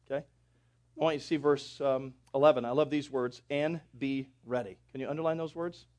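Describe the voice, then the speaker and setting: A man's voice: medium pitch, fairly even intonation, normal speed, a little mellow. A pastor preaching a sermon, talking straight to his congregation and building in intensity.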